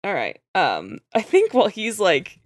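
Player, woman, lively swooping pitch, dry close mic, playful in-character chat. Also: unhurried, no room sound. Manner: playful, expressive. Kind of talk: playing a tabletop game.

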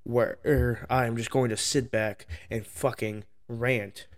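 Man ranting into a podcast mic, profane, heated, mid pitch. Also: fairly even intonation, slow pace. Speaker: podcast host. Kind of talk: solo profane rant podcast. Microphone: podcast microphone.

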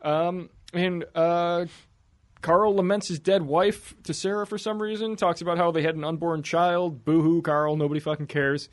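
A man in casual podcast chat about a movie, sarcastic and profane with deadpan jokes. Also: fairly high pitch, normal speed, no echo. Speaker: podcast co-host.

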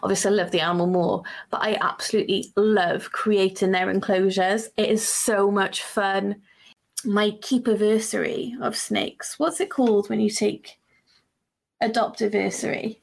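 Woman, mid-pitched voice, enthusiastic storytelling, casual podcast chat. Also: fairly even intonation, normal speed, gravelly. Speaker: podcast co-host.

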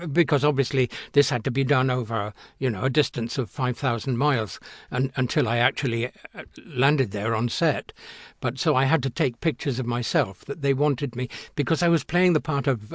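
An older man in his seventies spins a rambling anecdote as an interviewed actor. His voice sits in a middling pitch and sounds dry and close, with no room around it. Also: dry recording.

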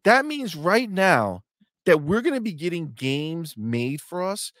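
A young adult man co-hosting a gaming livestream, animated and profane, trash-talking rival fans and reading viewer chat aloud. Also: a little high, unhurried, no echo, clean studio sound. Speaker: co-host of a gaming talk stream. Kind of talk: casual livestream banter.

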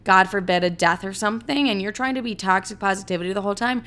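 Woman podcaster, clear smooth tone, loose profane chat. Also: mid-range voice, quick pace, fairly bright tone. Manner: candid, profane, rambling. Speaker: podcast host. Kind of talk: casual solo podcast chat.

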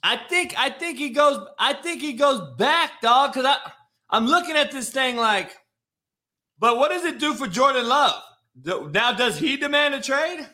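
A man's voice: very high voice, expressive, a little slow, sharp tone. A man hosting a casual sports talk show, laid-back, swearing freely and restarting his sentences. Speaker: podcast host.

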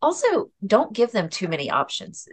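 A woman as a podcast guest, talking candidly in a casual conversation, laughing at herself now and then and restarting her sentences quickly. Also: mid-range voice, wildly swooping pitch, breathy edge.

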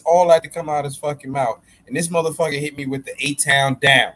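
A man's voice: on the high side, steady tone, a little fast, few pauses, fairly bright tone. A man co-hosting a podcast in casual chat, blunt, profane and emphatic. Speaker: podcast co-host.

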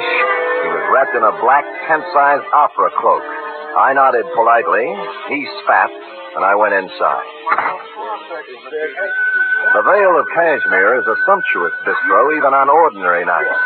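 An actor playing a dry, wisecracking private eye who also narrates, in a 1950s radio drama. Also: male voice, medium pitch, close to an everyday voice. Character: wisecracking hard-boiled male private eye. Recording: tinny old radio broadcast with loud music.

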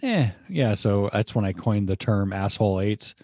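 Podcast host, low mellow voice, dry close mic, rambling and profane. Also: male voice, lively intonation, normal speed, no room sound. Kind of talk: casual podcast chat.

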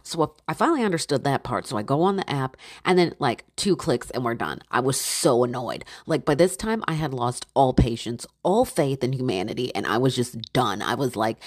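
Low-voiced woman ranting in exasperation. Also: normal speed, few pauses, no echo, clean studio sound. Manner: exasperated, animated, acts out her own quotes. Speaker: storyteller. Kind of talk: casual storytelling rant.

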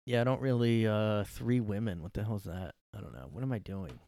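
A man's voice: lowish voice, a little fast, dark tone, no room sound. A man hosting a solo podcast from his room, rambling and sarcastic, swearing freely and sniffly from allergies. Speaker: podcast host. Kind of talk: casual solo rant.

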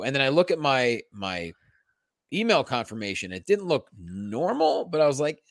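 A man hosting a casual comedy podcast, telling a story in an animated, jokey way. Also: medium pitch, moderate pace, dry recording, studio quality. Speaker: podcast host.

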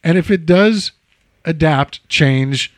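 Brief: chatty male host, slightly high voice, wanders off on tangents, dry close sound. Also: slow, no echo. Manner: rambling, digressive, full of "you know" asides. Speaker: podcast host. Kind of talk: casual chat.

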